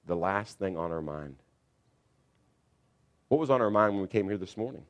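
A middle-aged man preaching a sermon, telling a personal story that swings from loud re-enacted shouting to quiet, confessional reflection. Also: fairly low pitch. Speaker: pastor.

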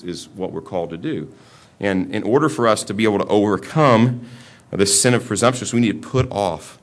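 A middle-aged man preaching a sermon in a conversational way, often repeating words as he restarts his sentences. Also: fairly low pitch. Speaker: pastor.

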